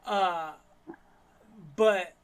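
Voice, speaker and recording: This livestream host from Denver, Colorado has a high voice with a clear, resonant tone, fairly even intonation and drawn-out words. Over a video call he talks casually in slang, often repeating and restarting his words.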